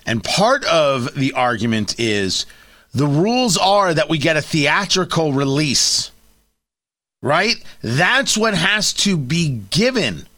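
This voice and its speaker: A middle-aged man hosting a radio talk show, giving opinionated commentary with sarcasm and quick asides. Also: sits high, no echo. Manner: sarcastic, animated, quick asides and mock voices. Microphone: studio microphone.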